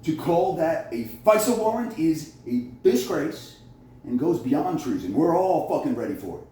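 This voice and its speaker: A man's voice: a little high, big pitch swings, moderate pace, warm tone. A man delivering a heated, profane, accusatory monologue to camera, recorded on a phone. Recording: very echoey room, voice far from mic, faint noise.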